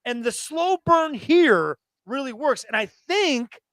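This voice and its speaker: Man, thirties, high-pitched, dry recording, excited profane wrestling chat. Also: slow pace, no echo. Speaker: podcast co-host.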